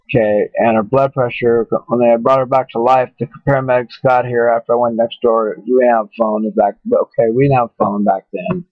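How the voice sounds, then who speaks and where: Man, middle pitch, rambling casual vlogger, restarts a lot, swears easily, tinny and dry webcam audio. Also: no echo. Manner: halting, repeats himself, cusses casually. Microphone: webcam microphone.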